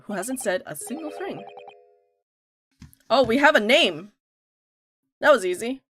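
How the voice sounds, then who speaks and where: A woman's voice: fairly high pitch, animated, unhurried, a bit bright, soft background music. A woman streamer giving casual, self-deprecating commentary while playing a game, swearing freely.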